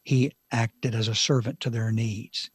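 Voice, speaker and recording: A man teaching from the Bible on a talk show, slow and emphatic, with dramatic pauses and sudden shifts in loudness. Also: medium pitch, fairly even intonation, husky, no room sound.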